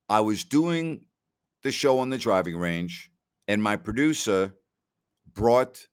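Low-voiced man hosting a casual sports talk show. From New York. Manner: storytelling, repeats words, quotes others. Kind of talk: casual chat with live-stream listeners.

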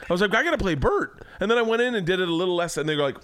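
A man's voice: sits high, animated, racing, a bit bright, clear, resonant tone, dry recording. Laughing, profane man telling stories. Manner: swearing freely, laughing through his stories. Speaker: podcast host. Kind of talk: casual chat, storytelling. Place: home man cave.

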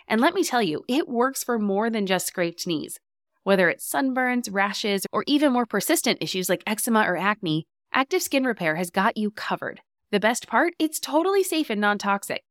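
A woman's voice: medium pitch, dry recording, studio quality. A woman, the podcast host, reading a sponsor ad in an upbeat, conversational way. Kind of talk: scripted ad read.

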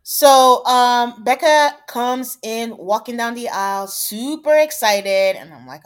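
A woman's voice: a little high, takes it slowly. Chatty woman recapping reality TV. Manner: chatty, animated retelling with quoted asides. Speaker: podcast co-host.

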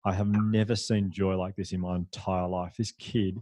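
A man who is a podcast guest, telling stories in a lively, chatty, self-deprecating way. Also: sits low, normal speed, no room sound. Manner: animated, chatty, self-deprecating, with fillers and laughs. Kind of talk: conversational storytelling.

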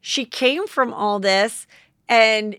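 A woman's voice: fairly high pitch, takes it slowly, fairly bright tone, clear, resonant tone, no room sound. Give me a chatty woman host talking casually on a dry, close mic. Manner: chatty, many "like" and "you know". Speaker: podcast host. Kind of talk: casual chat.

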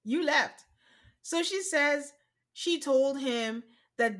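A woman co-hosting a casual podcast chat, her voice sitting a little high. She retells scenes by quoting the people in them, often in a flat, drawn-out way. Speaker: podcast co-host.

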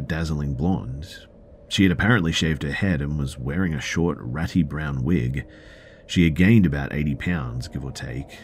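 A man hosting a podcast, reading a listener's first-person story aloud in a measured storytelling way with the odd filler. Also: rumbling low, darkish tone, a little hiss or hum. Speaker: podcast host.

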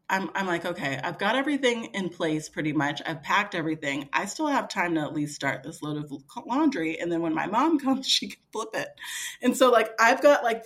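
A woman in her thirties telling a story casually as a podcast guest, acting out what others said, with many fillers. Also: medium pitch. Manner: animated, quoting others in dialogue, frequent fillers.

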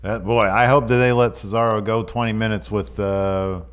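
A man co-hosting a casual chat podcast, eagerly pitching ideas in an animated way. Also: moderate pace, clear, resonant tone. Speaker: podcast co-host.

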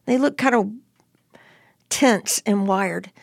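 A woman's voice: medium pitch, slow, gravelly, dry recording, clean studio sound. An older woman vividly retelling a personal story to an interviewer, acting out what people said. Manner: lively, animated retelling with acted-out quotes.

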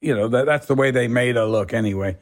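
An older English man with a soft northern Yorkshire accent, a guest actor telling rambling stories in casual chat, full of "you know"s. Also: medium pitch, fast. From England. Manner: rambling storyteller, many "you know"s, does voices in quotes.

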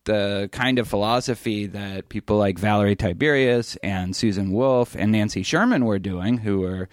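Middle-aged male co-host, low voice, loose rambling storyteller, dry close sound. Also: normal speed, no echo. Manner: rambling, self-interrupting storyteller. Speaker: podcast co-host. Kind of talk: casual chat.

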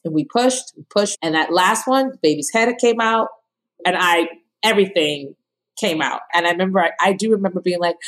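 A woman in her thirties shares her birth story as a guest on a podcast. Her voice sits lowish, and she bursts into high, animated quotes and laughter as she acts out the people in her story. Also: fairly quick.

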